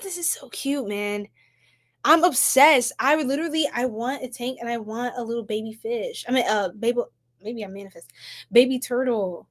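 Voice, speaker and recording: A young woman chats casually on a livestream as a psychic host, answering viewers one by one. She is bubbly and effusive and breaks into laughter often. Her voice sits somewhat high. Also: animated, moderate pace. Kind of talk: casual livestream chat reading viewer comments.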